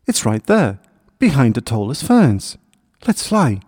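A man's voice: medium pitch, sing-song, normal speed, darkish tone, no room sound, studio quality. A man voicing a proud, self-important little male sparrow who talks in a lofty, lecturing way in a children's story. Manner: lofty, lecturing, a bit evasive. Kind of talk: storybook character voice.

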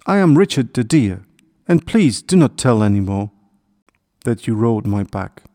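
A man's voice: medium pitch, very animated, a little slow, warm tone, dry recording, clean studio sound. A man doing a big kind storybook deer. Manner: friendly, reassuring. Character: big kind male deer, cheerful and gentle. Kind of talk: storybook character voice.

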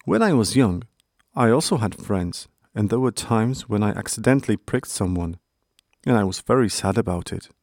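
A man as a gentle father hedgehog. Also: fairly low pitch, lively intonation, normal speed, dry recording, clean studio sound. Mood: tender. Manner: tender, soothing.

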